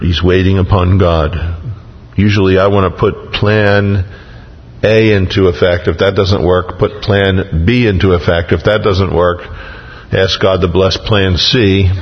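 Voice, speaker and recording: A man's voice: sits low, breathy edge, in a large hall, dull audio. A man preaching a sermon, reading scripture with rising emphasis and dropping folksy asides between verses. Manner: slow, reads scripture aloud with rising emphasis. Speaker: pastor.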